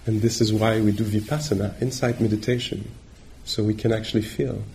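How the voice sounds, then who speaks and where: A male meditation teacher giving a dharma talk on retreat, gentle and reflective, pausing often as he searches for words. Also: on the low side, little pitch movement, gravelly, slight background noise. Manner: halting, searching for words with many pauses.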